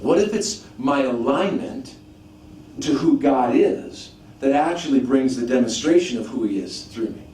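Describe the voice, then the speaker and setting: A man preaching a teaching sermon, animated, asking rhetorical questions and often restarting his sentences. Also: mid-range voice, unhurried. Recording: echoey room, mic at a distance, faint background noise.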